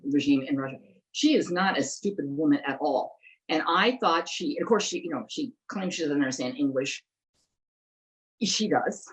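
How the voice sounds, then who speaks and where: A woman investigative journalist in a conversational interview, talking in an animated, emphatic way and throwing in rhetorical questions. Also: fairly low pitch, poor audio.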